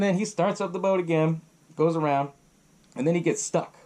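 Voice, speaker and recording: A man hosting a podcast, recapping a film in a casual, profane, animated way and laughing often. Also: on the high side, moderate pace. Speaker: podcast host.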